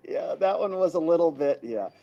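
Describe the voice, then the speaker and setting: Animated man reading out live chat. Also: a little high, dull audio. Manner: chatty, thanks viewers by name, chuckles often. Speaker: livestream host. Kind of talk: casual livestream, reading viewer comments aloud.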